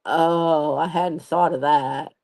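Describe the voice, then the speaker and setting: A woman's voice: low voice, slow pace, creaky. A woman in her late fifties telling a story in a casual live stream, laughing often and acting out what other people said. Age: 50s. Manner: animated, laughs often, acts out others' voices. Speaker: channel host.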